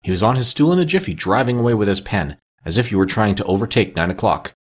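A man narrating a classic story with a lively, expressive reading. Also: fairly low pitch, fast.

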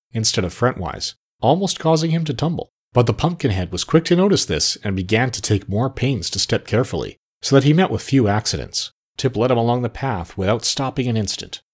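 A man narrating a children's storybook with an expressive, animated reading. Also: medium pitch, breathy edge.

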